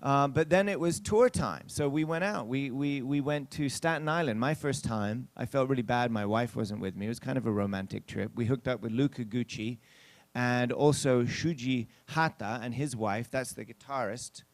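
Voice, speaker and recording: During a sermon, a male pastor with a medium-pitched voice tells a story at normal speed. He chats directly with the congregation, acting out what people said in an anecdotal, conversational way.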